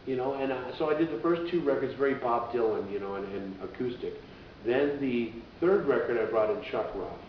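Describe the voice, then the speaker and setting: Expressive and fairly quick, this man is a radio DJ and musician guesting on an interview. His casual, rambling stories include acted-out voices for quotes, captured in an echoey, dull, distant recording with low rumble.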